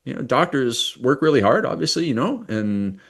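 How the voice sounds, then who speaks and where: A man leading a live online coaching workshop, talking in a quick, energetic and enthusiastic way. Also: mid-range voice, slightly rough.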